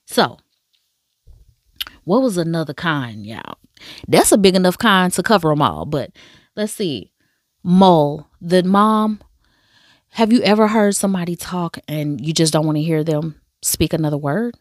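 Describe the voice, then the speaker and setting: A woman in a casual, animated chat reviewing a drama series, telling the story with slang and asides. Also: lowish voice, a little slow, long pauses, no room sound, clean studio sound.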